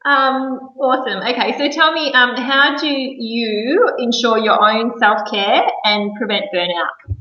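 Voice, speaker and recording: A woman's voice: on the high side, a little slow, pushed and bright. Upbeat woman, echoey lo-fi sound. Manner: upbeat and affirming. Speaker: interview host. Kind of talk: casual interview chat.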